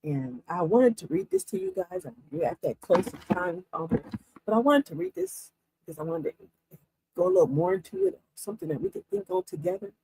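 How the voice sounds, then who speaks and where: Older woman, livestream host, husky tone with a lively, swooping pitch, laughs a lot. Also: dry recording. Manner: animated storyteller, laughs often; slow, emphatic reading of affirmations. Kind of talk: casual motivational livestream talk.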